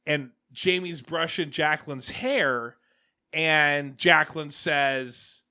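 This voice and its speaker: A man's voice: a little high, slow pace, pushed and bright, smooth. A man in his forties hosting a podcast, telling family stories in a rambling, casual way with many restarts. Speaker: podcast host. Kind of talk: casual chat. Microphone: headset.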